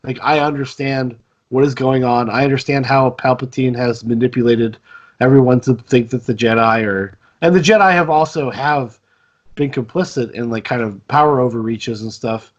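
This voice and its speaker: A man co-hosting a casual movie podcast, talking in a measured, hedging, analytical way. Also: mid-range voice. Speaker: podcast co-host. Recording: dull lo-fi mic.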